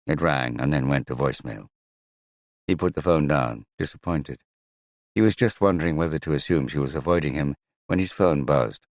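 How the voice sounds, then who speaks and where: Very deep-voiced man narrating a novel. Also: moderate pace, no echo, clean studio sound. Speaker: audiobook narrator. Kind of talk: scripted narration.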